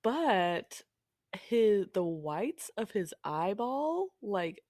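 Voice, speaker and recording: A woman in her thirties from Oregon co-hosts a podcast, her voice stuffy and nasal from allergies. She chats casually and tells animated stories, acting out quotes from family moments. Her mid-range voice moves extremely slowly in a studio-quality recording with no echo.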